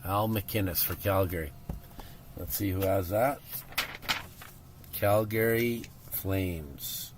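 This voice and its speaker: A man hosting a live card break, chatty and getting excited as he reveals pulls. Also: sits low, takes it slowly, long pauses, background noise.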